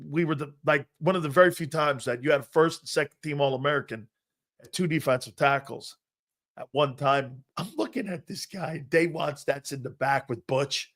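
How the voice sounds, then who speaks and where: A middle-aged man hosting a sports talk show, telling loud, brash stories and acting out what coaches said. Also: fairly high pitch, brisk. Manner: loud, brash storyteller who acts out quotes. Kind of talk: casual sports talk, storytelling.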